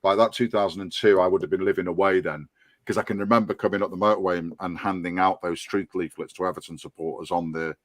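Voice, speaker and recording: A man's voice: deep voice, fairly even intonation, fast talker, no room sound. A man of about fifty with a Scouse accent, talking earnestly and rambling in a casual podcast chat, full of restarts and ums. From Liverpool and North Wales. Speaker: podcast guest, fan board applicant.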